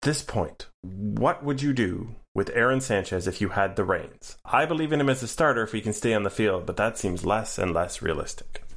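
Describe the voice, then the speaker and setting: A man with a fairly low-pitched voice co-hosts a casual sports podcast. He talks in a wry, joking way, drifting into rambling asides before getting back to the point. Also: expressive, normal speed, few pauses, a bit bright. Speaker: podcast co-host.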